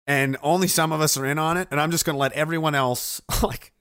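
Bright-voiced sardonic streamer man. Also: fairly high pitch, steady tone, quick pace, clear, resonant tone, no room sound, studio quality. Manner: sardonic, laughs often, trails off. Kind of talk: casual rambling commentary.

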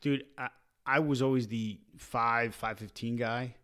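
A man's voice: mid-range voice, fairly even intonation, unhurried, a bit bright, clear, resonant tone. A man co-hosting a podcast about fatherhood, chatting in a laid-back way with short quips and easy laughs. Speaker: podcast co-host. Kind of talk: casual chat.

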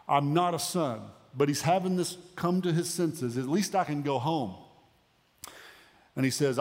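A man giving a sermon as a pastor, conversational with pauses and emphatic rises. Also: a little high. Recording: long hall reverb.

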